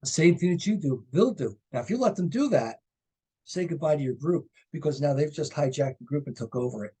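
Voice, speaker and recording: A man's voice: a little high, expressive, brisk, mellow, breathy edge. A middle-aged man giving a recorded college lecture, conversational and anecdotal, often tossing in "right?" and "you know".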